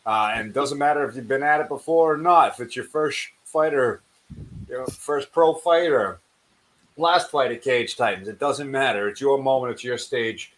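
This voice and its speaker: A man co-hosting a fight show and recapping bouts in a steady, measured casual way. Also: mid-range voice, low-quality recording. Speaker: co-host and fight commentator.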